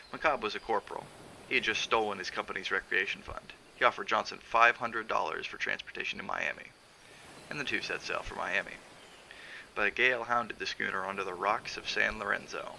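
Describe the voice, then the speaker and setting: A man reading a novel aloud on a stream, in a measured, steady narration with the odd filler. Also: on the low side, gravelly, slight background noise, low-quality recording. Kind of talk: audiobook narration.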